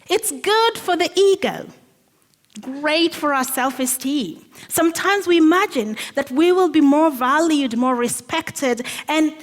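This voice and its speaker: A woman preaching a sermon in a church hall, earnest and measured, slowing down on the phrases she wants to stress. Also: high-pitched. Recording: long reverb of a hall.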